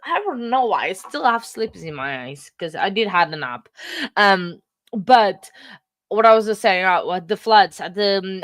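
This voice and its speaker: A woman's voice: mid-range voice, a bit bright, no echo. Woman not speaking her chatting on a home livestream, emotional, dry sound. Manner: chatty, emotional, greets viewers by name, many fillers. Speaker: livestream host. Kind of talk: casual livestream chat. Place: home room. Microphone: computer mic.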